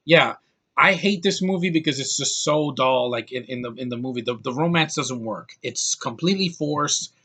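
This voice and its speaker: Ranting man with a bright, tense voice. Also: medium pitch, moderate pace. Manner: heated, blunt, repeats and restarts words. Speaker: movie reviewer. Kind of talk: casual ranting film review.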